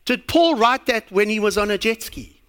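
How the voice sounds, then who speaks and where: A man's voice: high-pitched, animated, moderate pace, fairly bright tone. A man preaching a sermon, telling a story with a lot of animation and asking rhetorical questions.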